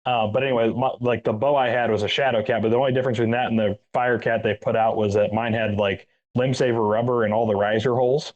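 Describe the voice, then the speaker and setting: A man's voice: mid-range voice, fast, few pauses, lo-fi sound. Rambling Texan man telling a story. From Central Texas. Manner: rambling, animated, says dude and man. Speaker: guest, retired Army master sergeant. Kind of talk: casual storytelling.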